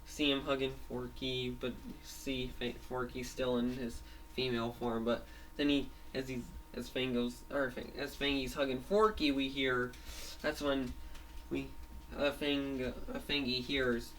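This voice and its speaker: A man's voice: mid-range voice, little pitch movement, a little slow, a bit bright, far from the mic, slight background noise, poor audio. Rambling man retelling a story. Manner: rambling, many restarts and fillers. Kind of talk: retelling a made-up episode.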